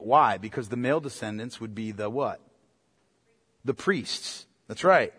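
Man, preacher, sermon, rhetorical questions, repeats himself, husky tone, long hall echo. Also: mid-range voice, animated, measured pace, a bit bright. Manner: asks rhetorical questions, repeats key points. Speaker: pastor. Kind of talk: expository Bible sermon.

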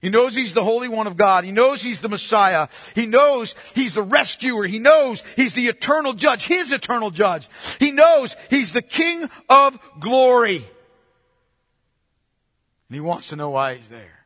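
A man's voice: extremely high pitch, animated, a little slow, pushed and bright, in a large hall. A man preaching a sermon, emphatic and full of rhetorical questions. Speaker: pastor.

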